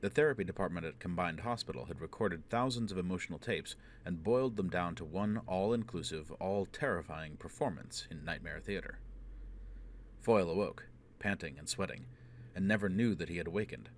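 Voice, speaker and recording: A man reading a science fiction novel aloud as audiobook narration, steady and measured. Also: low-pitched, slight background noise. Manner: steady, measured storytelling with voiced dialogue. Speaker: audiobook reader. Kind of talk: scripted narration.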